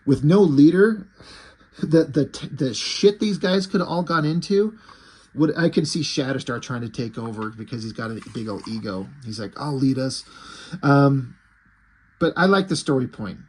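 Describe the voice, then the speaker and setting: A man's voice: mid-range voice, expressive, normal speed, husky. A man casually recapping a comic book issue, irreverent and profane, acting out the characters' lines as he goes.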